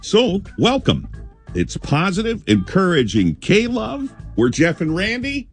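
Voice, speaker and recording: Radio guy cohosting, bouncy lively voice, jokey and laughing, a little high. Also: slow, soft background music. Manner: playful, laughs between lines, keeps it casual. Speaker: radio host. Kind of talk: morning show banter.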